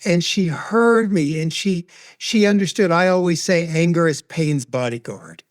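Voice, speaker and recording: Slow, earnest man telling his story. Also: a little high, no room sound, clean studio sound. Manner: earnest, measured, heartfelt. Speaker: grief expert guest. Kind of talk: reflective personal storytelling.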